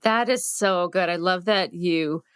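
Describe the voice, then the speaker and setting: Woman podcast host, enthusiastic, laughs easily, lowish voice, dry sound. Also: unhurried, a bit bright, clean tone, no echo. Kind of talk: conversational podcast interview.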